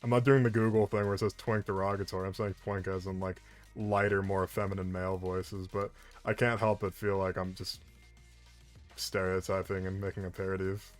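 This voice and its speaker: Guy voice actor rambling on a stream, kinda low voice, lively and quick to laugh. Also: faint music behind. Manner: animated and talkative, with frequent restarts and laughs. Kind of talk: casual chat on a livestream.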